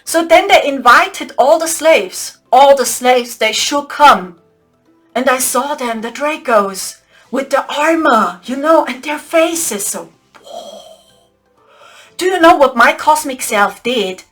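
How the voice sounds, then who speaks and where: A woman hosting a spiritual channel, telling a story with frequent laughter and excitable, whispered asides. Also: high voice, takes it slowly, faint music behind.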